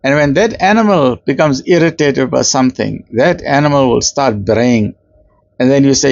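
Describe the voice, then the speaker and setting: A man's voice: medium pitch, moderate pace, creaky, no room sound, dull audio. A man with a South African accent giving a conversational religious talk, slipping in Arabic terms and acting out the voices he quotes. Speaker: Islamic lecturer.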